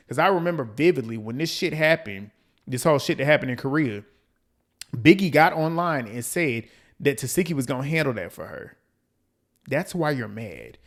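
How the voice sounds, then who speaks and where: A man with a slightly high voice runs through a reality TV recap in casual commentary. He talks bluntly and profanely, with lots of animation. He mimics the people he quotes and repeats lines to drive a point home. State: out of breath.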